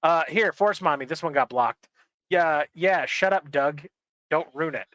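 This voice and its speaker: A podcast producer and co-host from Michigan's Upper Peninsula tells stories in a profane, joking way during a casual podcast chat. His voice is a little high and a bit bright, his pace measured, and the recording has no echo.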